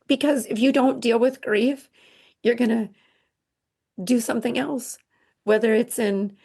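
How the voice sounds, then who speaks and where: Earnest, halting middle-aged woman, higher voice. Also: steady tone, gravelly, a little mellow, breathy edge. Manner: earnest, halting, many restarts. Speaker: podcast guest. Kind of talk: emotional personal storytelling.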